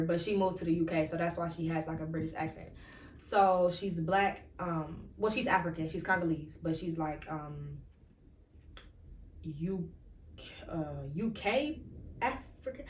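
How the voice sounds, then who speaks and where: A fairly low-pitched woman hosts a solo podcast, chatting loosely and rambling through her thoughts with plenty of fillers. She sits back from the mic in an echoey room with a faint hum of ambience behind her. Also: moderate pace, far from the mic. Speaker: podcast host. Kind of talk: casual solo commentary.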